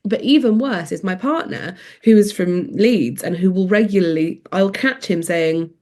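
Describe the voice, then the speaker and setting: A woman's voice: fairly low pitch, normal speed, a little mellow. A woman with a posh English accent, speaking frankly and with self-mockery in an interview. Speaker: interviewee, mother. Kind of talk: candid interview.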